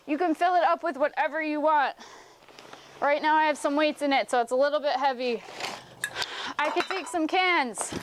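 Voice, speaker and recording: There's a little hiss or hum on this recording of a young fitness teacher with a high voice. She guides a home workout, demonstrating each move and explaining it step by step, and is breathless at moments.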